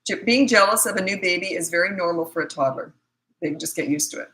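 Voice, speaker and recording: A woman's voice: fairly low pitch, quick pace, a bit bright, rough recording. A middle-aged woman from Canada, a parenting coach, answering viewer questions in a casual, blunt, matter-of-fact livestream chat.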